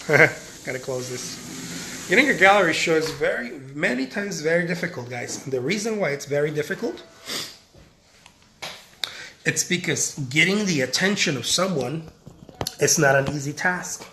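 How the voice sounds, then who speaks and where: Emphatic male artist talking straight to camera at home, a bit high-pitched, roomy echo. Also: expressive, moderate pace, long pauses, pushed and bright, slight background noise. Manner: emphatic, repeats points, addresses viewers as guys. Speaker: artist giving career advice. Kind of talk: casual vlog talk to camera. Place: home, near a backyard.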